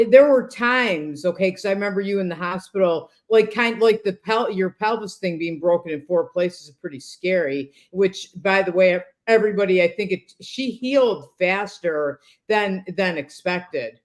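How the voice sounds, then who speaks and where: A woman's voice: mid-range voice, normal speed, few pauses. Eager woman host with stammering restarts. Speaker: host and medium. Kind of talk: casual talk-show conversation.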